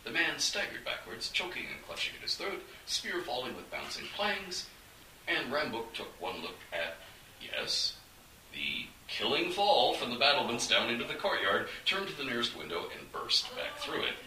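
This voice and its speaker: Lively, bright-voiced male storyteller. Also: medium pitch, moderate pace. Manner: animated, dramatic storytelling. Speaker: audiobook narrator. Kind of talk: fantasy audiobook narration. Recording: echoey room, distant mic, faint hiss.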